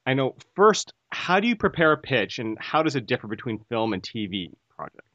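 A man's voice: medium pitch, sing-song, a little fast, fairly bright tone, no room sound. Male podcast host, attentive interviewer, lo-fi dry recording. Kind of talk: casual interview.

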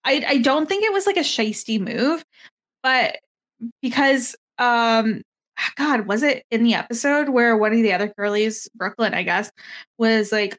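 Hesitant woman with a slightly high voice. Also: normal speed, a bit bright. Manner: hesitant, many fillers and restarts. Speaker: podcast co-host. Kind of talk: casual recap chat.

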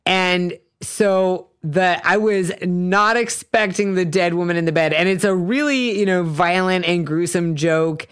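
A woman talks through a film scene with her co-host in casual podcast chat. Her voice sits a little low and sounds smooth and clear, and she narrates with energy and drops the odd curse. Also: a little slow, few pauses. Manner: lively storytelling with casual swearing.

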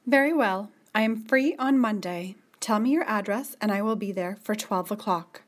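A woman voicing a stern, commanding middle-aged woman who speaks in brisk, scolding orders. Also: mid-range voice, close to an everyday voice.

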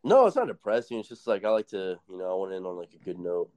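A man's voice: deep voice, big pitch swings, fast, darkish tone. A young man hosting a casual chat, telling stories in a rambling, profane way and laughing often. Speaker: podcast host.

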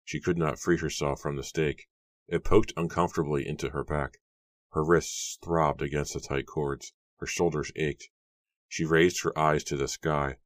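A man's voice: extremely low pitch, steady tone, moderate pace, no echo. A man narrating an audiobook with an intense, emotional delivery. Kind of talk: dramatic audiobook reading.

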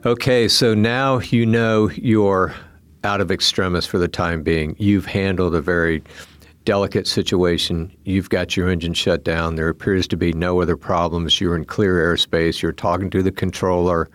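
A man hosting an aviation podcast, speaking in a measured way and explaining points clearly for listeners. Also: sits low, steady tone, dry recording. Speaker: podcast host. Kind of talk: interview hosting.

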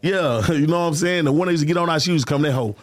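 A man's voice: fairly high pitch, racing, dry recording. A young man with a Houston accent, a rapper as the interview guest, telling loose slangy stories in casual chat. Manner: loose, slangy, rambling storytelling.

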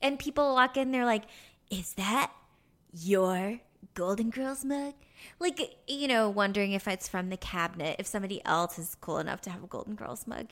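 A woman's voice: mid-range voice, fast talker, hardly any pauses, a bit bright. A woman co-hosting a podcast in casual chat, giggly and chatty as she tells stories. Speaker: podcast co-host.

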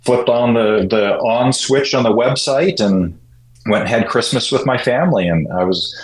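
A man as an interview guest, telling his story casually and getting animated when he quotes other people. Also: normal speed. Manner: animated, jumps higher when quoting people. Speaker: guest, shoe importer. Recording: roomy echo.

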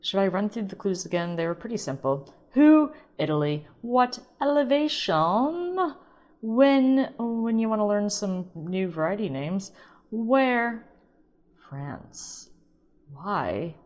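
A woman's voice: on the low side, moderate pace, darkish tone. A woman from St. Louis hosting a podcast on her own, talking in a casual, playful way with self-mocking asides. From St. Louis, USA. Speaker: wine podcast host. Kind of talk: casual solo podcast monologue.

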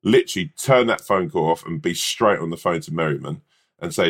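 A man's voice: sits low, fairly quick, fairly bright tone. A man co-hosting a podcast, chatting casually and laughing, acting out other people's lines in his stories. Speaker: podcast co-host. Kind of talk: casual comedic chat.

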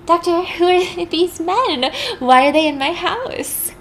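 A woman's voice: lively intonation, slow pace, slight background noise, heavily acted. A woman doing an unhinged grieving housewife. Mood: bewildered. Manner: shrill, erratic, wild swings.

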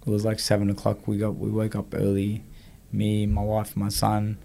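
Animated man telling his story. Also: on the low side, moderate pace, gravelly. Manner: animated storyteller, acts out quoted dialogue. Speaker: guest, former boxer. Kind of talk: storytelling interview chat.

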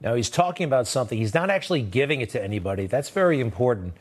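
A man hosting a TV news show, delivering sarcastic, animated commentary that leaps upward in pitch for emphasis. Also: rapid-fire, slight background noise. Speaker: TV news host.

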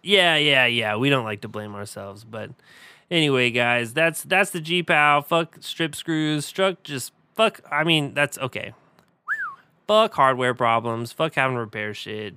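A man co-hosting a casual comedy podcast, cracking deadpan, absurd jokes. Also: mid-range voice, moderate pace, vocal fry, clear, resonant tone, no room sound. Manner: deadpan, absurd joking with a laugh. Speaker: podcast co-host.

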